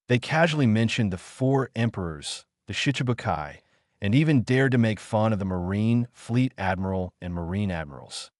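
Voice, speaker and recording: A man narrating an audiobook in a steady storytelling read. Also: on the low side, normal speed, dry recording, studio quality. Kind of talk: scripted narration.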